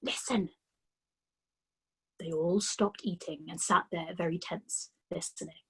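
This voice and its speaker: A woman reading a children's story aloud for a storytime, expressive with dramatic pauses. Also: on the low side, husky.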